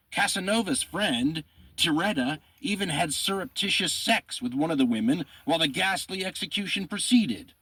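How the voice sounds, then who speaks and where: A man's voice: on the high side, a bit bright, husky, dry recording. A man narrating history, reading primary sources aloud with commentary and quoting in a dramatic, rising voice.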